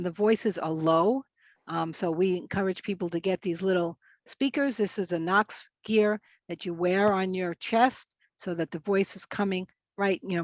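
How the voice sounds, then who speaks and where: A woman's voice: medium pitch, dry recording, lo-fi sound. A woman speech pathologist giving a conference presentation in a casual, chatty way, often restarting her sentences. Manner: casual, chatty, self-correcting.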